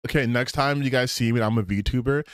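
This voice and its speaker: A man streaming reaction commentary from a home setup, animated and exasperated, swearing a lot. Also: medium pitch, fairly quick, no room sound, clean studio sound.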